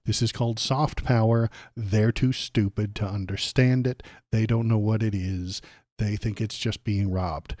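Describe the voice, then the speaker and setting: A man's voice: fairly low pitch, fairly even intonation, unhurried, darkish tone, dry recording, clean studio sound. A man hosting a political livestream, ranting casually over clips in a sarcastic, mocking way and swearing freely.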